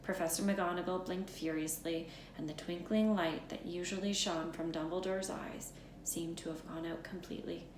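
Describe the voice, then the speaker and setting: A woman teacher reading a chapter book aloud, narrating in an unhurried storytelling way. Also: lowish voice, steady tone. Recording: roomy echo, faint background noise.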